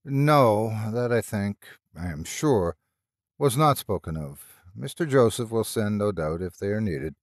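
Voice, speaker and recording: Proper country rector, brisk and a touch impatient, lively delivery, narrator voicing him. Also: male voice, on the low side, no room sound, studio quality. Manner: brisk, formal and a little impatient.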